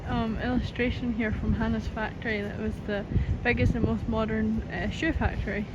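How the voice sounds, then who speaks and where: A woman's voice: on the high side, level tone, moderate pace, dull audio. A young woman chatting casually as a travel vlogger while sightseeing, giggly and thinking aloud with plenty of fillers. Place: walking outdoors and through a museum, filming on a camera. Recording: clear background noise from outdoor surroundings.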